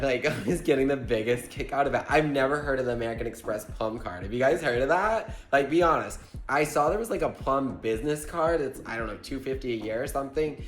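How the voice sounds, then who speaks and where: A man's voice: mid-range voice, quick pace, few pauses. A young man telling gossipy stories in a casual, chatty way, full of filler words. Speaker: vlogger. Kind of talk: casual storytelling. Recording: echoey room, faint music.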